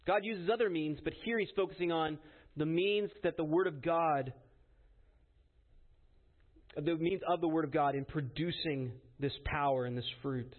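A man's voice: a little high, moderate pace, pauses often. A man preaching a sermon in an earnest, emphatic way, often checking in with his listeners by asking "right?". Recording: tinny phone-like sound.

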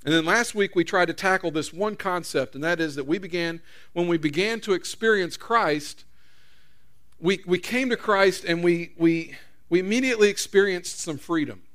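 Male pastor, sermon, casual storytelling, frequent restarts, high voice. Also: normal speed, fairly bright tone. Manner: conversational storytelling with repeated restarts.

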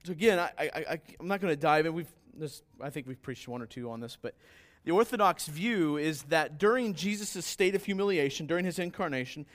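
A man's voice: expressive, brisk, few pauses. A man preaching a sermon in a conversational way, telling stories and acting out their characters. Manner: conversational preaching with anecdotes and restarts; acts out story characters with sudden higher pitch. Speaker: pastor.

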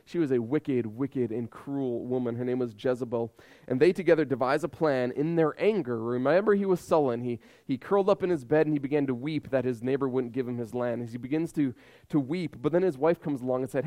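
A man's voice: medium pitch, brisk, warm tone. A man in his thirties preaching a sermon with emphatic repetition and rhetorical questions. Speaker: pastor.

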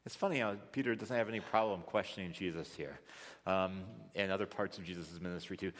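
A man's voice: sits low, a little fast. A man teaching a Bible study, explaining scripture thoughtfully and acting out quoted lines. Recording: long hall reverb.

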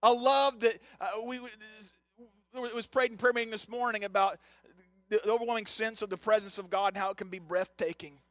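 High, bright-voiced impassioned male preacher. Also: fairly even intonation, fairly quick, no echo. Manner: impassioned preaching, rising to shouts with repeated phrases. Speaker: pastor. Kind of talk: sermon. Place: church sanctuary.

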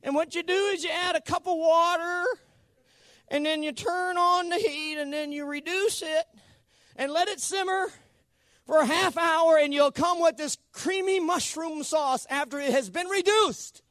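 A man putting on the voice of a famous older female TV chef, with high, drawn-out, sing-song instructions. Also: fairly bright tone, dry recording, studio quality. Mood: instructive.

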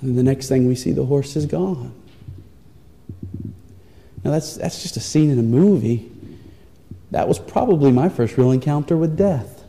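A man's voice: medium pitch, normal speed, gravelly, pauses often, dark tone. Earnest preacher man in a reverberant hall. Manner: earnest, pleading storytelling with rising intensity. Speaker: pastor. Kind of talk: sermon. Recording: long reverb of a large hall.

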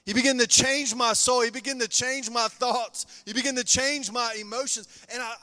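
Male pastor, high bright voice, passionate testimony, hall reverb. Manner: passionate testimony, swings between loud and hushed. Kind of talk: sermon.

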